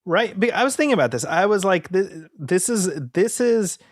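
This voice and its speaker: Animated male movie podcast co-host. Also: high voice, moderate pace, dry recording, studio quality. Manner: animated, quotes people in put-on voices. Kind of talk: casual movie podcast chat.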